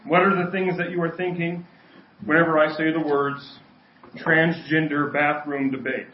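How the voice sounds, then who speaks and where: Casual-sounding pastor in an echoey church. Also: male voice, a little high, little pitch movement, normal speed, slight background noise. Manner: conversational, joking with congregation. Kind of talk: sermon. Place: church sanctuary. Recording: echoey, dull church recording.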